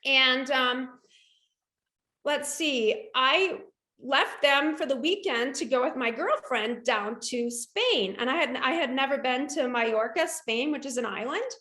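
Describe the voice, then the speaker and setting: A woman in her forties tells a personal story in a casual interview. Her voice is high and bright, and she jumps into character voices for the quotes. The room is echoey. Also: a little slow. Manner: animated, acts out quotes with big pitch jumps. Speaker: guest, shoe boutique owner.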